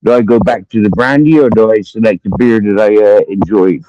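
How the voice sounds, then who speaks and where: A man's voice: lowish voice, brisk, warm tone, no room sound. A man with a Cumbrian accent ranting angrily at someone on a livestream, swearing constantly, repeating his accusations and drinking as he talks. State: drinking during the stream. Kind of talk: angry profane rant. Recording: dull lo-fi stream audio.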